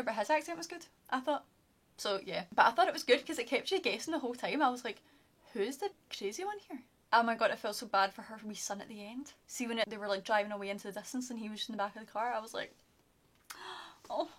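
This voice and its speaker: A woman's voice: a little high, a bit bright. A young Scottish woman chatting casually to camera as a vlogger, gushing about her favourites with lots of fillers. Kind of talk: casual chat.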